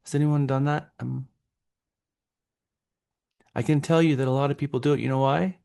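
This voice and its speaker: A man's voice: mid-range voice, steady tone, moderate pace, creaky, mellow. A man with a Texan accent teaching a real estate training class, coaching and encouraging his students.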